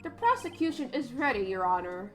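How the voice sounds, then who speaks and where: A woman voicing a cool, formal male prosecutor in a lowered, clipped voice. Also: sing-song, fairly quick, soft background music.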